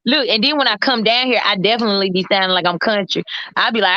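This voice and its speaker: A woman's voice: medium pitch, fast talker, bright, forceful tone, no echo. Chatty woman on a lo-fi line. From Mississippi. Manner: laughing, chatty, slangy. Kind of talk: casual chat.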